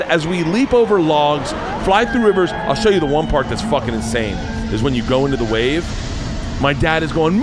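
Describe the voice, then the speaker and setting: A comedian in his forties telling a rambling story in a casual, excitable, profane way. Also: fairly high pitch.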